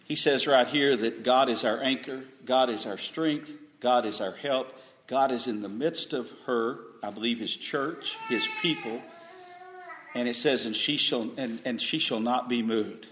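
A man preaching a sermon, rising to loud emphatic peaks and dropping to quiet asides, often stammering and restarting. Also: mid-range voice, normal speed, slight background noise. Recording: echoey room.

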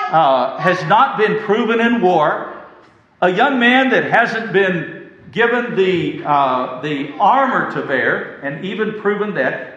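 A man's voice: high voice, fairly bright tone. A man preaching a sermon, reading scripture and retelling it with dramatic emphasis. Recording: echoey room.

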